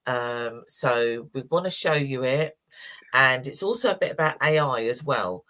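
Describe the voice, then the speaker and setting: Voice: mid-range voice, animated, unhurried, sharp tone. A host introducing a segment in casual, chatty talk. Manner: chatty, with fillers. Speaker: host of a community show. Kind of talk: casual chat.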